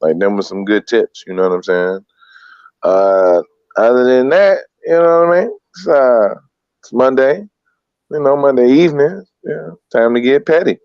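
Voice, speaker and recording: A man's voice: medium pitch, moderate pace, dry recording. A man chatting casually on a stream, laid-back and slangy, with lots of "you know what I'm saying". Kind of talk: casual chat. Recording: dull dry lo-fi sound.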